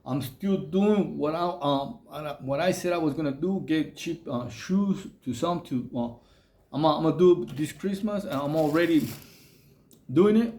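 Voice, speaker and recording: A man's voice: on the high side, a little slow, dark tone. A man telling a long story in a casual, rambling way, full of slang and fillers. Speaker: vlogger telling prison stories.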